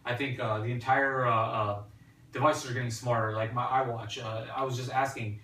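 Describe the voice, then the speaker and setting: A man's voice: mid-range voice, steady tone, normal speed, fairly bright tone. Hesitant man, echoey distant mic. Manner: hesitant, many fillers and restarts. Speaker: podcast host. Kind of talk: casual tech chat. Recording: echoey room, distant mic, faint hiss.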